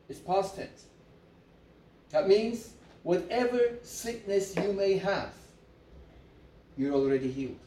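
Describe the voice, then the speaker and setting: A man's voice: high voice, dark tone. A man preaching a sermon, repeating his points for emphasis and leading the congregation in call-and-response. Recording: echoey room, mic at a distance.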